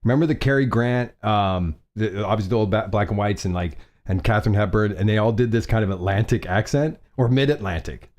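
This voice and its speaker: A man's voice: fairly low pitch, brisk, a little mellow. A man hosting a casual fashion live stream, chatty and rambling, often restarting and laughing at himself.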